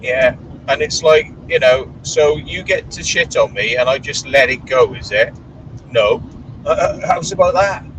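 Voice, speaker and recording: A man in a moving car talks bluntly and swears freely as he tells stories. He sits well back from the microphone. Clear road noise runs under his voice. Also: mid-range voice, unhurried. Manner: blunt, swearing, animated storytelling. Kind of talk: casual chat while driving. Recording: distant voice with clear background noise.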